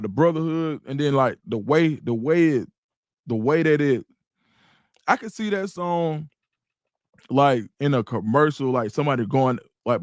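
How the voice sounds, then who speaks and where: A middle-aged man with an Atlanta accent, hosting a casual livestream, reading chat comments and talking in a loose, animated, slangy way. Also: a little high, dry recording, clean studio sound. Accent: Atlanta Black Southern English. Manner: animated, repeats words, slangy, reads chat aloud. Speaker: livestream host.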